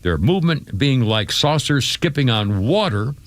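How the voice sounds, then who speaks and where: A man's voice: medium pitch, very animated, normal speed, no room sound. A man hosting a radio talk show, chatting casually with callers and a co-host, with frequent restarts and laughter.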